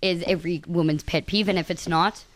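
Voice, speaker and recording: A woman's voice: lowish voice, steady tone, brisk, noisy background. A woman with a South African accent in casual chat, blunt and exclamatory.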